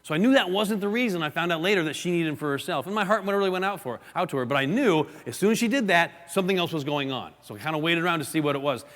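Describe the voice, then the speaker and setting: This real estate seminar speaker has a voice on the high side and talks fast with few pauses. Before a live audience he acts out stories, gestures, and quotes as he teaches; the sound has long hall reverb.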